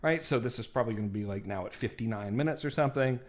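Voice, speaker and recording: A man's voice: medium pitch, fast talker. A man teaching a marketing lesson over a screen share, casual and self-deprecating, peppering his talk with "right?" and "like". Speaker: marketing course instructor.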